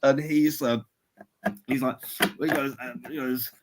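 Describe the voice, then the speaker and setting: A man's voice: medium pitch, fairly even intonation, a little slow, background noise. A man, co-hosting a podcast and telling a rambling story with laughs and restarts. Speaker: podcast co-host. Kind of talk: casual chat, storytelling.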